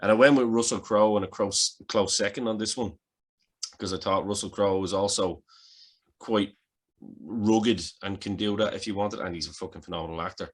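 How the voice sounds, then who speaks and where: A man's voice: on the low side, moderate pace, slightly rough. A man chatting as a podcast guest, swearing a lot and restarting his sentences. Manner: sweary, animated, restarts often. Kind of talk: casual chat, recasting a film.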